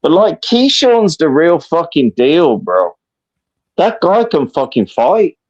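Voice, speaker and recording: A man in his fifties with a Birmingham accent, calling into a live stream. He talks in an animated way, swearing freely and leaning on "listen, bro" again and again. His voice sits a little high for a man. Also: slow, lo-fi sound. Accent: Birmingham English. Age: 50s. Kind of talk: casual chat.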